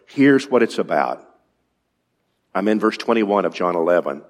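A man's voice: sits low, expressive, normal speed. A male preacher giving an evening sermon in a conversational way, asking his congregation questions. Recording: long reverb in a large hall.

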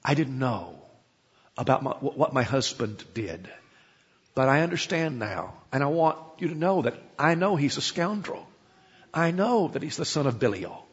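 A man voicing a poised, humble wife who pleads softly and earnestly for peace. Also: medium pitch, lively intonation, moderate pace, slightly rough. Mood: pleading. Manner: soft, quiet and earnest. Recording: lo-fi with long hall reverb.

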